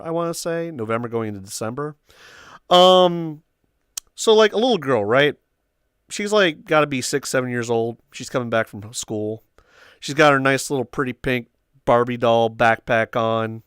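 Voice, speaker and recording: A young man hosting a casual chat with friends, telling stories with animated quoting and loud shrieked impressions. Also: mid-range voice, clear, resonant tone, dry recording, clean studio sound. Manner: animated storytelling, acts out quotes in squeals and shrieks. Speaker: host.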